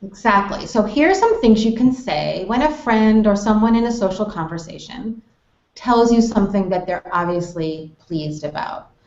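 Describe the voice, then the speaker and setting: A woman's voice: mid-range voice, animated, normal speed, darkish tone. American woman, English teacher, explanatory, web call audio, roomy and dull. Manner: friendly, explanatory, models phrases with exaggerated intonation. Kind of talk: online English lesson hangout.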